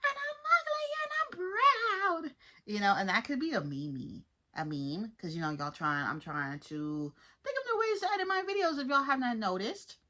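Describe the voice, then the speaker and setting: A woman chatting casually to her viewers as she reviews a cartoon episode, lively and informal. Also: medium pitch, normal speed, hardly any pauses. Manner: chatty, animated, addresses viewers as y'all. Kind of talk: casual commentary.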